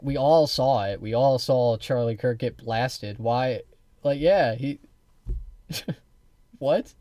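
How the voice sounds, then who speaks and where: A man's voice: medium pitch, dark tone, dry recording. A male streamer reacting to clips in a laid-back, dismissive way and swearing in passing. His voice sits in a mid register and the sound is close and dry. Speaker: streamer host reacting to a video. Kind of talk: casual reaction commentary.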